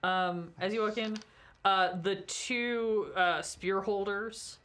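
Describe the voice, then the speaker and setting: A woman runs a tabletop game as game master, narrating scenes in a chatty way. She fills her talk with ums and likes, and her pitch sits in a middle range. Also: slow, fairly bright tone. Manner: chatty, many fillers and laughs.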